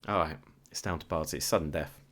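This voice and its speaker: Male gamer, deep voice, lively commentary over his own play, mutters then erupts. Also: brisk. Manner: excitable, swings between muttering and shouting. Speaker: gaming YouTuber. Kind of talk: live game commentary.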